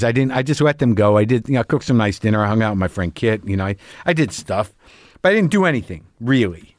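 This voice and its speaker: A man's voice: mid-range voice, lively intonation, fairly quick, dry recording. A middle-aged man hosting a podcast, talking in a profane, anxious, rambling casual monologue. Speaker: podcast host.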